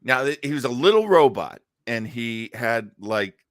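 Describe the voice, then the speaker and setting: A man's voice: medium pitch, lively intonation, normal speed, no room sound, clean studio sound. A man co-hosting a podcast, telling a rambling story with many restarts in casual chat. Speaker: podcast co-host.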